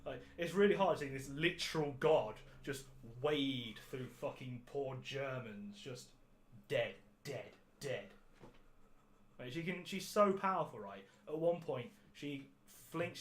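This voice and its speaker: A man's voice: medium pitch, lively intonation, unhurried, slight background noise. A man hosting a podcast, reviewing a film in casual chat, sarcastic and ranting, swearing freely and laughing at his own jokes. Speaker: podcast host.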